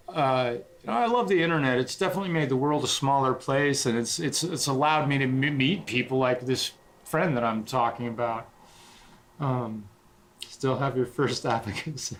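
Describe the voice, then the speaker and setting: A man's voice: mid-range voice, fairly bright tone. A middle-aged man livestreaming as a guitarist, chatting casually in a rambling, sentimental way with frequent swearing.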